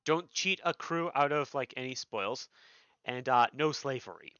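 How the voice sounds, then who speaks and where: A man's voice: mid-range voice, measured pace, bright, forceful tone, no echo. A man streaming a game, making wry offhand asides in casual commentary. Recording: dull dry stream audio.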